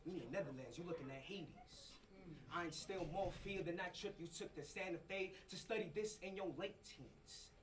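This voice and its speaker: A man's voice: high voice, moderate pace. A man performing boastful, aggressive battle rap verses to a live crowd in an upper-floor campus venue. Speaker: battle rapper. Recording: distant mic with loud crowd.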